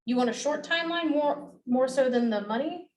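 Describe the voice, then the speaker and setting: Woman teaching agents how to negotiate, kinda high voice, cusses a lot, mic sits far off. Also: brisk. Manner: blunt, swears freely, acts out dialogue. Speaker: real estate negotiation trainer. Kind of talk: classroom talk to agents. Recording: voice from a distance.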